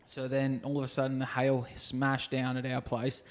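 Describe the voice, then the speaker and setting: A man telling stories on a casual podcast, at an ordinary middle pitch. He jokes his way through anecdotes and puts on the voices of the people in them. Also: completely flat delivery, moderate pace. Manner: jokey, acts out quotes with sound effects. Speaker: podcast co-host. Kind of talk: casual storytelling chat.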